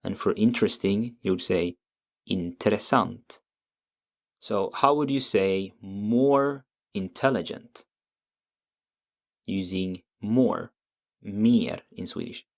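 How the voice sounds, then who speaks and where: A man with a fairly low voice teaches a language lesson at an unhurried pace. He explains patiently and repeats every example word slowly so learners can follow.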